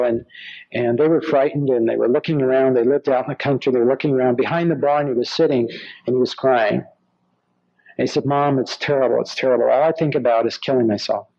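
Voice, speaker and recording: A man preaching, telling stories and acting out the voices of the people in them. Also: medium pitch. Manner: animated storyteller, acts out quoted voices. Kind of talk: sermon storytelling. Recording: slightly dull lo-fi recording.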